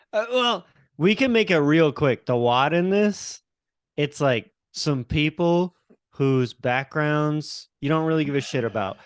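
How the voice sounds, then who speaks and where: A man's voice: a little high, expressive, smooth, no echo, studio quality. A man co-hosting a casual film podcast, telling anecdotes and asking his co-hosts questions. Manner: storytelling, measured, asks questions. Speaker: podcast co-host. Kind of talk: casual chat.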